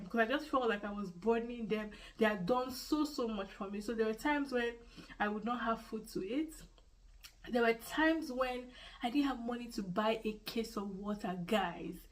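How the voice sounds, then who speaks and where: A woman with a Nigerian accent tells her own story to the camera in earnest. She repeats key phrases to stress them. Her voice sits somewhat high, and she is a little way back from the microphone. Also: moderate pace, fairly bright tone, distant mic, low-quality recording. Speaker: vlogger. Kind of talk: personal storytelling vlog.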